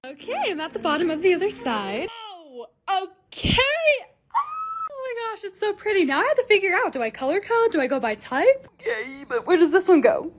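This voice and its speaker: Bubbly fast-talking young woman vlogger. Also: very high voice, faint music behind. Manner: bubbly and excitable. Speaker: lifestyle content creator. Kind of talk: casual vlog narration.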